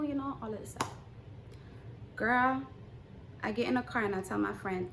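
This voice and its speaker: A young woman vlogger telling a casual storytime, acting out the quotes and swinging between hushed asides and loud outbursts. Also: mid-range voice, normal speed, long pauses, background noise.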